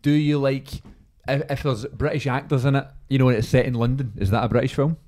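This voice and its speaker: A man's voice: medium pitch, steady tone, fairly quick, a little mellow. A Scottish man hosting a podcast in casual chat, talking with frequent hesitations and restarts. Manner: chatty, hesitant, restarts often. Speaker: podcast host.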